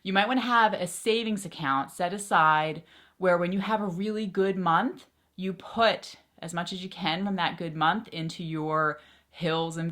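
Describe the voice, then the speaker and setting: Low-voiced chatty woman money vlogger. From Philadelphia area. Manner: chatty, excitable, quick asides. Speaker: personal finance YouTuber. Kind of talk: casual talk to camera.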